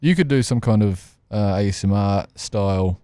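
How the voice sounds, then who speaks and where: A man's voice: lowish voice, warm tone, no room sound, studio quality. A man with a New Zealand accent co-hosting a podcast, agreeable and joking crudely. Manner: quick, agreeable, crude jokes. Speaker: podcast co-host. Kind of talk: casual banter.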